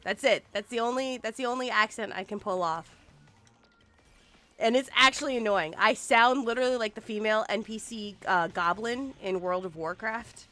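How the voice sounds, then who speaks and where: Here a woman with a fairly high pitch talks at a moderate pace, faint music in the background. She keeps up lively, playful banter on her gaming stream and hums and sings short snippets.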